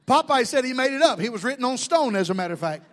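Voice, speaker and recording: High-voiced folksy preaching man. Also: very animated, fast. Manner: folksy preaching with jokes and crowd questions. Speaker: pastor. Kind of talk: sermon.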